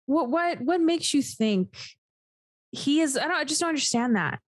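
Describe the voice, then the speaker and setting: A woman's voice: high voice, lively intonation, moderate pace, dry recording, studio quality. A woman co-hosting a casual podcast chat, blunt and incredulous, swearing freely as she reacts. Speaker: podcast co-host.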